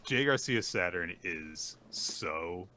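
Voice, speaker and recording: A man co-hosting a podcast, expressive and quick to laugh in casual chat. His voice is very bright and bounces widely in pitch. Faint noise sits behind him. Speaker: podcast co-host.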